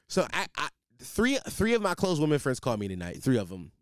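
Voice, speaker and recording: A man's voice: a little high, moderate pace, smooth, dry recording. A tired young man hosting a casual, profane podcast monologue from a home setup on a studio mic. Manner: animated, profane, rambling with restarts. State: tired, sleepless. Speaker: podcast host. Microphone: studio microphone.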